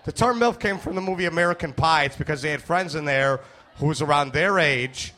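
A brash stand-up comic works the crowd, crude and playful, speaking briskly. His bright, forceful voice sits a little high for a man.

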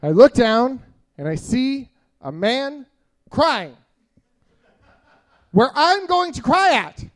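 A man's voice: very high voice, very animated, takes it slowly, pauses often, a bit bright. A man in his early thirties telling a rambling, self-deprecating stand-up story, full of filler uhs. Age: 30s. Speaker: stand-up comedian.

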